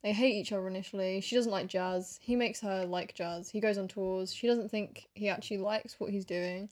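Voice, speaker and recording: A woman's voice: mid-range voice, steady tone, normal speed, darkish tone. A woman co-hosting a podcast, chatting casually, gushing and giggly. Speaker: podcast co-host. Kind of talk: casual chat.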